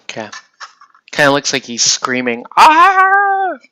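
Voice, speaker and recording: A man paints a miniature while casually talking it through, relaxed and thinking aloud, often trailing off mid-sentence like a laid-back tutorial. His mid-range voice is creaky and measured in pace.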